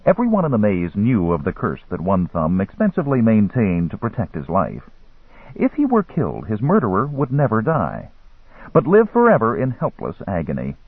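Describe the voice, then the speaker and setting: A man reads a story aloud in a wry, telling manner, his husky, lowish voice rising and falling widely. The recording is dry and narrow, like a phone line. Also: very animated, moderate pace, no echo. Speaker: narrator. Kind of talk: audiobook narration.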